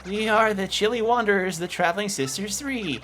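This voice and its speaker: A man voicing three complaining female travelers in a video game, in a high, whiny sing-song. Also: fairly quick, fairly bright tone, slight background noise.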